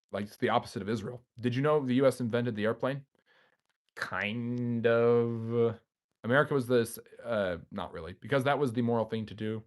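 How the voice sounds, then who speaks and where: A man hosting a history channel's live stream, reading viewer comments aloud and answering them off the cuff. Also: mid-range voice.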